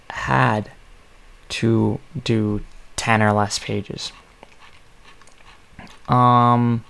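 Male podcast host, drowsy, flat and unhurried, thinks aloud with fillers. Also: medium pitch, gravelly, clear, resonant tone. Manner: rambling, thinking aloud with many ums. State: sleepy, yawning. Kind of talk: casual solo podcast talk.

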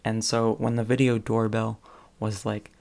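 A man's voice: lowish voice, little pitch movement, unhurried, gravelly, darkish tone. A man casually retelling funny stories in a spoken presentation, with fillers and occasional chuckles. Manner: chatty retelling with fillers, chuckles between phrases.

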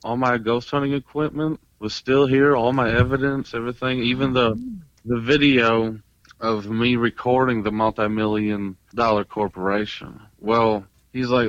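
A man, a paranormal investigator and tattoo artist, animated and excitable, telling a story in casual chat with lots of fillers. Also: mid-range voice, moderate pace, dry recording, lo-fi sound.

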